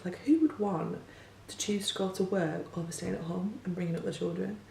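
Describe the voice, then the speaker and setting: Woman teacher, chatty and full of "like"s, gravelly voice, kinda far off in an echoey room. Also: mid-range voice, a little fast, dark tone. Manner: chatty, lots of "like" fillers, rhetorical questions. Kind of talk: casual opinion monologue. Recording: distant mic in an echoey room with faint hum.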